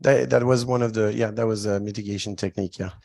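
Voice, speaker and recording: A man's voice: on the low side, steady tone, fast talker, creaky, a little mellow, no room sound. French-accented man questioning officials. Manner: hesitant, apologetic. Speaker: state representative. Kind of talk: questioning at a public hearing.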